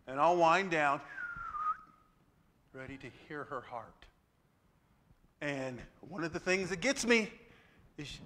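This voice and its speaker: A man preaching a sermon to his church in an animated way, with sudden loud exclamations and asides to the congregation. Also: a little high, moderate pace, long pauses. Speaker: pastor. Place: church sanctuary.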